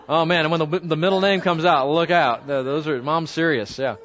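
A man teaching a Bible study to a live group, talking conversationally, often putting questions to the class and slowing down to read scripture aloud. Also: a little high, fairly even intonation, a bit bright. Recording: dull lo-fi recording.

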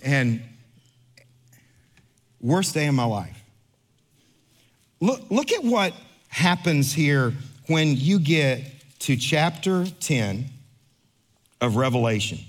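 A middle-aged pastor delivering a sermon in a fairly high voice. He moves from a brisk, animated anecdote full of mimicked voices to slow, weighty reading of scripture. His tone stays conversational and direct with the congregation. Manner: animated storyteller, acts out other voices, then slows for scripture. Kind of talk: sermon with storytelling.

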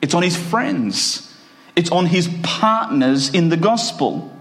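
A man preaching a sermon, explaining a scripture passage with earnest, deliberate emphasis. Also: high-pitched, animated, gravelly, a bit bright. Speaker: pastor.

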